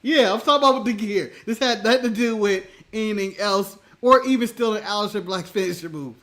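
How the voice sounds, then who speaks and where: A man's voice: high voice, quick pace, fairly bright tone. An American man co-hosting a casual wrestling review chat, blunt and often laughing as he talks. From United States. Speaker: co-host.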